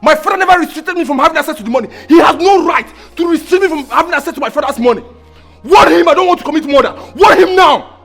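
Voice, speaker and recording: Furious, spoiled princess. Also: female voice, high-pitched, lively intonation, fast talker, faint music behind. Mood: indignant. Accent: Nigerian. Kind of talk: film acting.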